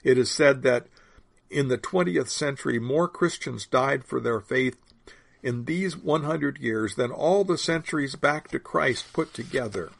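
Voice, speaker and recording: A man delivers a sermon, walking listeners through scripture in a measured teaching voice. His tone is gravelly and a little husky, recorded close and dry with no room around it. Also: mid-range voice, a bit bright, dry recording. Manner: measured teaching, slowing on key phrases. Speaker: preacher.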